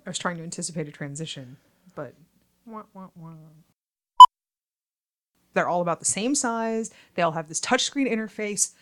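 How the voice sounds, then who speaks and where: A woman's voice: fairly low pitch, fast talker, a little hiss or hum. A woman co-hosting a casual podcast, chatty and laughing often, swearing now and then, talking into a desk mic. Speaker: podcast co-host. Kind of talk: casual chat. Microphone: studio mic at desk.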